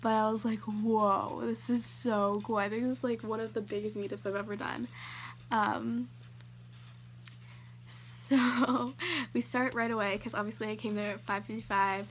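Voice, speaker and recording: Young woman vlogging, gushy, lots of "like"s, kinda high voice, faint hum behind. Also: steady tone, normal speed, pauses often. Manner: gushing, many fillers and "like"s. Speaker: YouTuber. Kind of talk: casual vlog rant.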